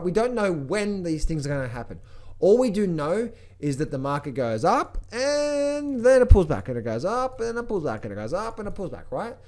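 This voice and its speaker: A man giving a casual trading market update, excitable and jokey, often repeating his phrases. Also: high voice. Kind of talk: animated casual market commentary.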